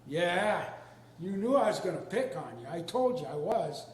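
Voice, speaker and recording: An older man telling a comic story on stage in a folksy, deadpan drawl. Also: high voice, normal speed. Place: arts venue stage with a live audience. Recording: echoey hall with long reverb.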